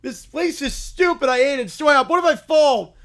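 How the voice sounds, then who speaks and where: A man's voice: very high voice, a bit bright, voice pushed up. A man voicing a whiny, bratty, scared cartoon bear-child who complains nonstop. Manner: whining, complaining, drawn-out.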